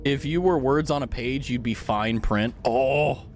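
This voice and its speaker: A man's voice: medium pitch, unhurried, faint music behind. A man streaming a game, chatting casually and joking at his own expense. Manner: joking, rambling, self-mocking. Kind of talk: casual chat.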